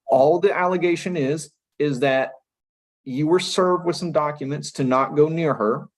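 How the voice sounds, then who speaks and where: A man's voice: fairly high pitch, normal speed, rough recording. A man serving as magistrate judge at a first appearance hearing, speaking firmly but patiently and repeating himself to keep the defendant listening. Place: courtroom.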